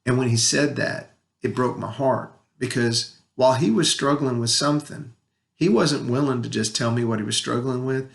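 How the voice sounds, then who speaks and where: A man sharing a heartfelt personal story about his son and his faith, talking earnestly with pauses and restarts, at times emotional. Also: medium pitch, fairly even intonation, gravelly. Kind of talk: personal spiritual reflection to camera.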